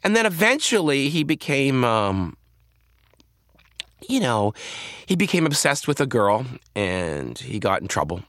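A man speaking as an interview guest, telling a personal story candidly in a halting way with frequent restarts. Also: medium pitch, sing-song, fairly bright tone, dry recording.

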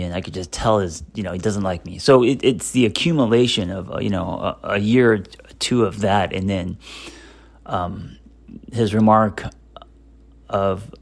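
Middle-aged male therapist-host, gravelly and low, talking off the cuff with plenty of ums. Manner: hesitant, lots of fillers and restarts, candid. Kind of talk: casual self-help monologue.

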